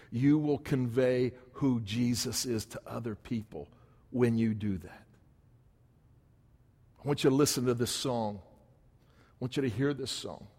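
A man's voice: medium pitch, unhurried, pauses often, darkish tone, slightly rough. A man preaching a sermon as pastor in a church, emphatic and repetitive in his cadence. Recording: long hall reverb.

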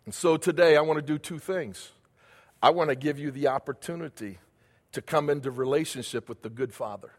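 Male preacher with a high voice, repeating phrases for emphasis, heard in a reverberant church hall. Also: moderate pace. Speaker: pastor. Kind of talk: sermon.

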